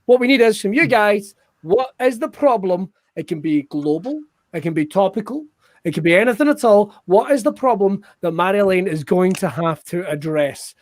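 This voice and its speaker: Excitable improv host. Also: male voice, high voice, dry recording, clean studio sound. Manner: excitable, laughing, swearing freely. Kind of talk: hosting an online improv comedy show.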